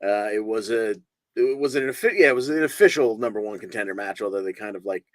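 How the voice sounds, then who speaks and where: A man co-hosting a podcast over a video call, recapping matches in a relaxed, rambling play-by-play with plenty of fillers. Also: fairly low pitch, fast, no room sound. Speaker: podcast co-host.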